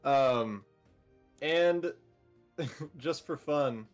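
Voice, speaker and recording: A man's voice: medium pitch, extremely slow, clean tone, faint music behind. A man playing a tabletop game, chatting casually and laughing often. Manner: giggly, joking. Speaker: player.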